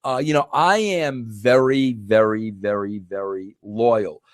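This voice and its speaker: A man's voice: on the low side, takes it slowly, no echo. Rambling middle-aged man telling a story. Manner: rambling, repeats words and restarts, emphatic. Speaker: podcast host. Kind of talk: casual storytelling monologue.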